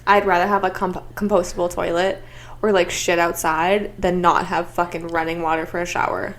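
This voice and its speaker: A woman's voice: on the low side, little pitch movement, moderate pace. A young woman co-hosting a podcast, blunt and sarcastic, swearing freely in casual chat. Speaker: podcast co-host.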